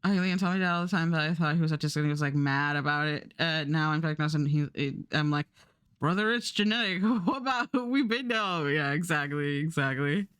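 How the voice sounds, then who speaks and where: A woman's voice: deep voice, brisk, a bit bright, clean tone, dry recording, clean studio sound. A young adult woman streaming, chatting casually and rambling while she draws, swearing now and then.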